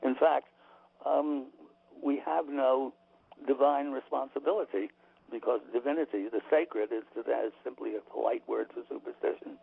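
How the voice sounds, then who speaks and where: A man with a husky, gravelly mid-range voice is interviewed on the radio as an author, his audio tinny from the phone line. Though his intonation stays fairly even and his speed normal, he talks emphatically and opinionatedly, with many restarts.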